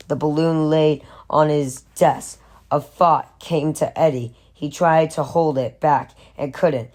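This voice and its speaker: A woman reading a horror novel aloud, steady with occasional stumbles and restarts. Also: low voice. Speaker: audiobook reader.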